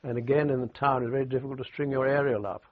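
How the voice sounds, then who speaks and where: Heard through a thin, phone-like recording, an older British man shares wartime radio memories as an interviewee. His mid-range voice has little pitch movement, and he tells anecdotes with dry wit, often stopping and starting again.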